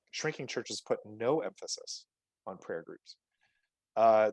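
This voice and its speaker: A man's voice: on the low side, darkish tone, no room sound, low-quality recording. A man giving a virtual talk on his research findings, explaining with frequent fillers and restarts. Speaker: guest lecturer.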